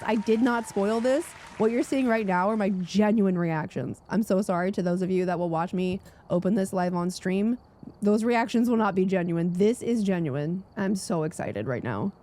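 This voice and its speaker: A young woman narrating her gameplay with breathless, gushing excitement, her voice jumping up into squeals and gasps. The tone underneath stays mellow and soft rather than bright. She talks like a longtime streamer showing off to her viewers. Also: medium pitch, normal speed. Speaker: gaming streamer.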